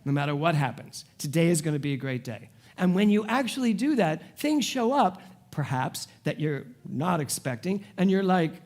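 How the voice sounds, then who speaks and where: A man in his forties, a spiritual director, giving a sermon to a congregation with animated, humorous storytelling. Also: on the high side, moderate pace, few pauses. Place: church service before a congregation.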